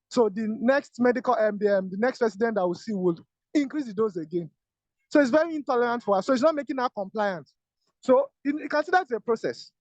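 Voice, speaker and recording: A man's voice: high-pitched, darkish tone, no room sound. A man, a senior doctor, giving earnest, repetitive advice to exam candidates during an online teaching session. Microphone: video call. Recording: dull lo-fi call audio.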